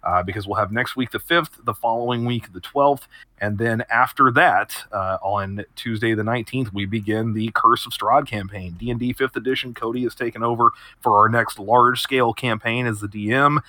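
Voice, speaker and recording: A man's voice: medium pitch, normal speed, bright, forceful tone, no room sound. A man hosting a podcast and narrating as game master, descriptive and full of fillers. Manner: descriptive, many fillers, laughs often.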